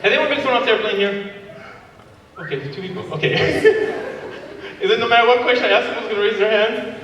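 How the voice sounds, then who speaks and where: High bright comedian in an echoey hall. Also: male voice, a little fast, lo-fi sound. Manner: energetic, crowd-working, acts out voices and sound effects. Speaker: stand-up comedian. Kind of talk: stand-up comedy set. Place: large hall before a live audience. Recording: echoey hall recorded from far off.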